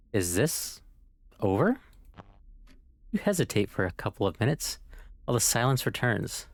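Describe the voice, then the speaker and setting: A man playing a visual novel and reading its narration aloud, in an animated manner. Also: fairly low pitch, normal speed, creaky, long pauses, dry recording. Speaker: streamer.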